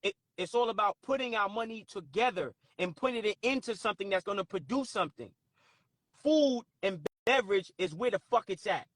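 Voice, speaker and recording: A man hosting a call-in stream who talks in a forceful, profane, sermon-like way. His voice sits very high for a man, and the sound is dry with no room echo. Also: expressive, brisk. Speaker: host. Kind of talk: live stream talk with callers.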